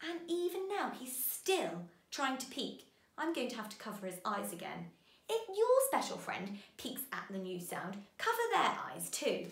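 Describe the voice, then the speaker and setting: A woman teaching a children's phonics lesson, giving bright, sing-song encouragement to young learners. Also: fairly high pitch, big pitch swings, normal speed, vocal fry, echoey room.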